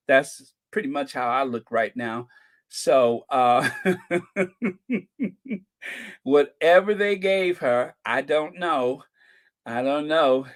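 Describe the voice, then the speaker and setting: A man hosting a casual live stream, chatting about photos and thanking viewers by name with chuckles. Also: mid-range voice.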